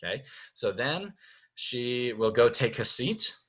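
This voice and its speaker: A man's voice: mid-range voice, sing-song, slow, bright, forceful tone, slightly rough. A man directing a stage musical, walking his cast through the staging in a casual, chatty video, checking in with "right?" and "okay?". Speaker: theater director.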